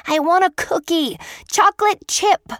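A woman's voice: expressive, unhurried, no room sound, clean studio sound. Woman doing a bouncy, cheeky little boy. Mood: whiny. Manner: high, bouncy childlike voice. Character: young boy, playful, bold and cheeky. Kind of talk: audiobook character voicing.

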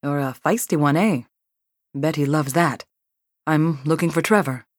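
Woman putting on a soft-spoken Brazilian cowboy. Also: deep voice, a little slow, no echo, clean studio sound. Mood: hesitant.

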